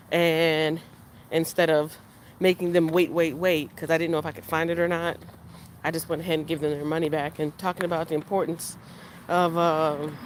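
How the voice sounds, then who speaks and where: A frustrated, upset vlogger venting while walking beside a road, rambling and restarting sentences, with faint traffic behind. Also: medium pitch. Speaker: vlogger and business interviewer. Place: outdoors beside a busy main road. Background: faint street traffic.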